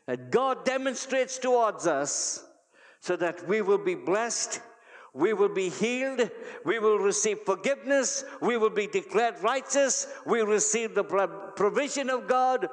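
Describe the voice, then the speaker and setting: Man, pastor, sermon, high voice, slow deliberate delivery, long hall reverb. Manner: emphatic, repeats key phrases for the congregation. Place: church hall.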